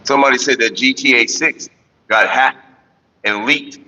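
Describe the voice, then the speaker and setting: Loud, crude man telling raunchy stories. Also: medium pitch, moderate pace, big-room sound, rough recording. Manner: loud, profane, jumps into mocking voices and sings snatches. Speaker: livestream host. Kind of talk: crude casual storytelling.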